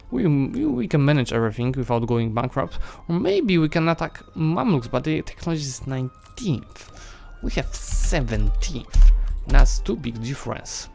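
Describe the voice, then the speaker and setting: A man streaming a strategy game, thinking aloud and chatting to the nations and armies on screen, his voice going hoarse. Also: medium pitch. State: losing his voice. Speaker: gaming streamer. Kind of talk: live strategy game commentary.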